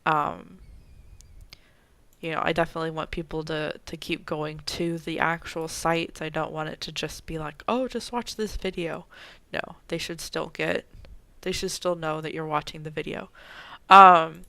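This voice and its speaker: A woman's voice: low voice, little pitch movement, normal speed, gravelly, sharp tone, no room sound. Chatty woman host, dry close sound. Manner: chatty, many ums and trailing asides. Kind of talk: casual recap chat.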